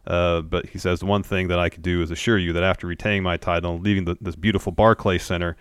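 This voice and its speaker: Male podcast co-host, very low voice, steady matter-of-fact delivery, dry close mic. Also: fast, clear, resonant tone, no echo. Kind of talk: casual recap chat.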